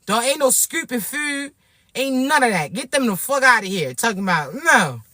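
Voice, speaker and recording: Brash, animated woman. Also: fairly high pitch, normal speed, no room sound, clean studio sound. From Florida. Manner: brash, profane, animated storytelling. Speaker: vlogger. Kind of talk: casual rant to camera.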